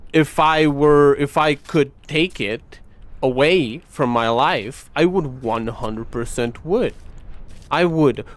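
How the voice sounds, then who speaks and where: A young man commentating his gameplay in a casual, rambling way, often heated, swearing and repeating himself. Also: mid-range voice. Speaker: gaming streamer.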